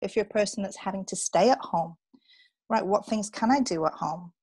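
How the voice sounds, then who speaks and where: A woman's voice: medium pitch, moderate pace, slightly rough, dry recording. A woman, a relocation coach, giving upbeat advice in a casual interview. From England. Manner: upbeat, animated, coaching asides.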